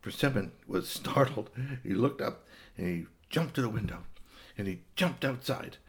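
A man's voice: medium pitch, animated, normal speed. A man improvising a children's story about a cat, rambling along with fillers and little gasps.

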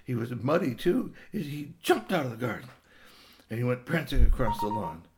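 A man's voice: mid-range voice, big pitch swings, moderate pace, darkish tone. A man improvising a children's story about a cat, rambling along with fillers and little gasps.

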